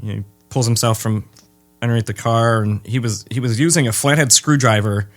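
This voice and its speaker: A man from the Midwest, a guest who makes bass guitars, chatting casually in an interview with dry humor and frequent pauses. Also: fairly even intonation.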